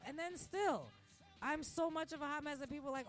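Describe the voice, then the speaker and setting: Talking a little fast in a high voice, a woman rants casually and ramblingly on her podcast, recorded at the restaurant where she works. She laughs often and acts out the voices she quotes, while faint music plays in the background.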